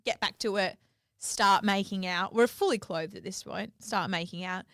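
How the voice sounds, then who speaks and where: A woman's voice: medium pitch, normal speed, creaky, a bit bright, no echo, studio quality. A young woman, co-hosting a podcast and telling a story in casual chat, swearing freely and acting out quotes. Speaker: podcast co-host.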